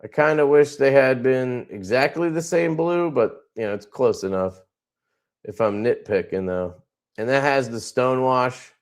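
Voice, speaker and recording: Slow-talking laid-back man on a livestream. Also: mid-range voice. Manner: laid-back, rambling, crude off-color jokes. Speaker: knife company owner hosting a livestream. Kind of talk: casual livestream chat showing products.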